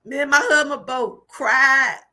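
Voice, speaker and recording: A woman's voice: high voice, a little slow, sharp tone. A woman, hosting her own livestream and giving an emphatic, repetitive, preacherly testimony. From Georgia, US. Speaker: channel host.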